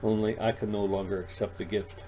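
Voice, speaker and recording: A man's voice: on the low side, a little fast, a little hiss or hum, lightly acted. A man voicing an eccentric old male alien shopkeeper who mutters to himself and rambles. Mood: wistful. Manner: dithering, excitable, childlike. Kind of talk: audiobook character voice.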